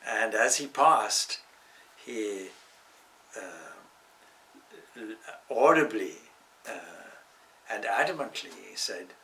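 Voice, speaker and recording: A man giving a measured, reflective spiritual talk on scripture, with touches of gentle humor. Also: lowish voice, expressive, recorded from a distance, poor audio. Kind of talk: spiritual discourse.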